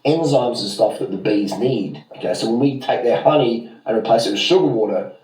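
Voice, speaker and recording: A man's voice: medium pitch, brisk, a little mellow. A man ranting sarcastically in a played video clip. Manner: sarcastic, mocking. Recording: roomy, distant audio from a played clip.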